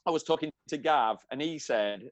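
A man's voice: a little high, moderate pace, no echo, muffled recording. A man, hosting a casual interview in a jokey, teasing way. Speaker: host.

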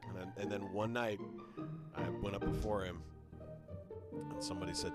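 A man's voice: low voice, fairly even intonation, normal speed, over music. A man, a comedian and impressionist, chatting playfully on a podcast as a storyteller. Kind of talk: casual podcast chat.

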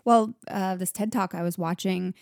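A woman co-hosting a casual chat, chatty and quick to agree. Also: medium pitch, fairly even intonation, gravelly, a little mellow, no echo, clean studio sound. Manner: chatty, agreeing, laughs easily.

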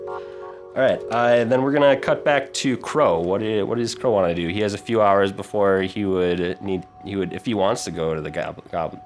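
Low-voiced man running a tabletop game. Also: normal speed, few pauses. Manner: casual, filler-heavy narration. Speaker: game master. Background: music.

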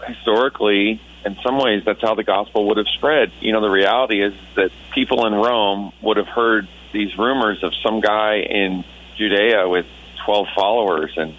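Earnest reflective man, lower voice. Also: normal speed, fairly bright tone, poor audio. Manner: earnest and reflective, with many restarts. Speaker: Christian musician guest. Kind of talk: casual radio interview.

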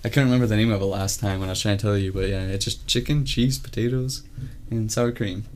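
A young man in casual chat, relaxed, laughing often and swearing casually. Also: fairly low pitch, quick pace.

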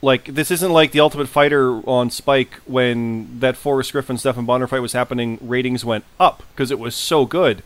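A man's voice: mid-range voice, steady tone, dry recording. A man co-hosting a casual podcast, talking at length and jumping in often. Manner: talkative, quick to jump in. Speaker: podcast co-host. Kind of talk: casual chat.

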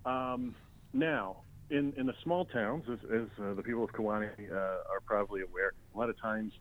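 A man, a comedian guest, telling comic anecdotes in an interview with a deadpan delivery and many fillers and restarts. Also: fairly low pitch, normal speed. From Illinois. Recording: dull lo-fi sound.

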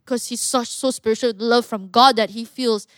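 Lively young woman, dry sound. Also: on the high side, no room sound. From Malaysia. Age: young adult. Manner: animated storytelling, quick asides. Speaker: guest, mixed martial artist. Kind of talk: casual interview.

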